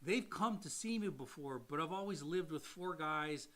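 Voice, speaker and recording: A man's voice: a little high, normal speed. A man co-hosting a podcast as a loan officer, telling a client story with acted-out quotes that sometimes sink to near-whispers. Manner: animated storyteller who acts out quotes and drops to near-whispers.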